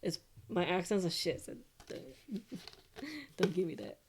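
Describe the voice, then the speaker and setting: A woman's voice: fairly low pitch, expressive, unhurried, slight background noise. Give me a casual woman streamer commenting as she plays, swearing freely. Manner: casual, swears, laughs at herself. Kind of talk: casual commentary while playing.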